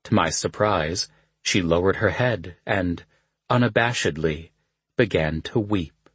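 A man reading a novel aloud as an audiobook narrator, in a measured, even manner. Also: low voice, husky, dry recording. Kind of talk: scripted narration.

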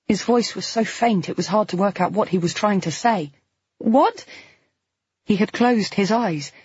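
A woman narrating a novel in the first person with an expressive, emotional reading. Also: medium pitch, normal speed, breathy edge, no room sound. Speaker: audiobook narrator. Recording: slightly dull, dry studio recording.

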